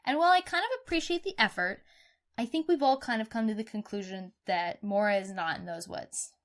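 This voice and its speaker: A woman co-hosting a true-crime podcast in casual chat, animated and outspoken, swearing freely. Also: medium pitch, fairly quick. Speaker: podcast co-host.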